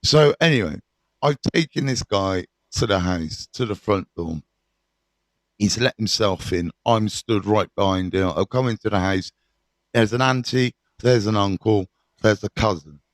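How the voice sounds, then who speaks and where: A middle-aged man, telling his story to camera in a candid, animated way, swearing freely and full of fillers. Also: fairly low pitch, measured pace, no room sound.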